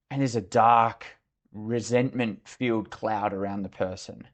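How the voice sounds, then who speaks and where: A man's voice: medium pitch, fairly even intonation, normal speed. Candid Australian man telling stories. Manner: candid, reflective storyteller. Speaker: leadership consultant, podcast guest. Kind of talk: podcast interview storytelling.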